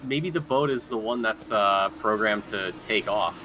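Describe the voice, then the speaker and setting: A man with a lowish voice sits in as guest commentator on a sim race. He talks in a relaxed, rambling way, and there is clear noise behind him. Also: a little slow, poor audio. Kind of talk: casual race commentary chat.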